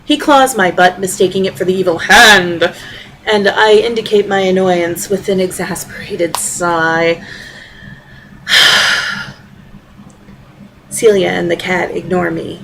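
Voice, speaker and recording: A middle-aged woman reading her own personal essay aloud, with a wry, deadpan storytelling manner. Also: lowish voice, normal speed, vocal fry, slight background noise, low-quality recording.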